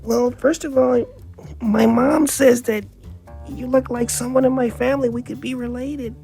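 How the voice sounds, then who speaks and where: A man doing a soft, breathy, high falsetto impression of a gentle male superstar while telling a story. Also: fairly even intonation, normal speed, faint music behind. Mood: soft, coaxing. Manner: whispery, hesitant impression.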